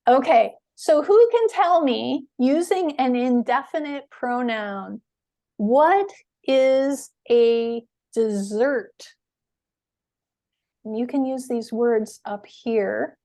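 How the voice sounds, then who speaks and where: A woman teaching English in a webinar, explaining words slowly and patiently with clear stress. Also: high-pitched, lively intonation, warm tone.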